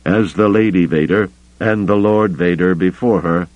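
Man doing a grave male alien pilot, very low voice, ceremonial manner, muffled recording. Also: moderate pace, dry recording, close to an everyday voice. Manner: solemn, ceremonial phrasing.

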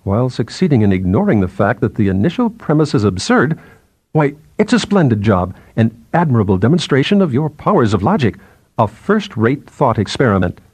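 A man's voice: sing-song, a little fast, darkish tone, husky, no room sound. A man voicing an anxious young male assistant professor who speaks in a strained, agitated way. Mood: distressed. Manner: agitated, strained, rising in pitch.

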